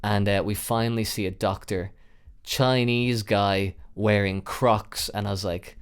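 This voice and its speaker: A man's voice: on the low side, steady tone, unhurried, clear, resonant tone. A young man hosting a podcast, telling a long personal story in a rambling way, with frequent fillers and swearing. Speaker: podcast host. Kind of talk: storytelling monologue.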